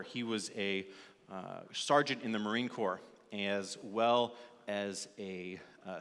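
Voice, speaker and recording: A man's voice: lowish voice, fairly bright tone, long reverb tail. A man preaching a sermon as lead pastor in a church sanctuary, telling stories and acting out the people in them. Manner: storytelling, acting out characters in an illustration.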